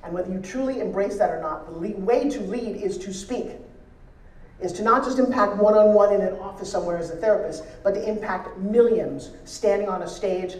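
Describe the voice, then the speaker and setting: A woman giving an energetic, joking motivational talk on pitching to a live audience from a stage. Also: fairly quick. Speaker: motivational speaker teaching pitching. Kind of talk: live seminar speech to an audience. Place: large event hall on stage. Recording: roomy hall sound from a distance.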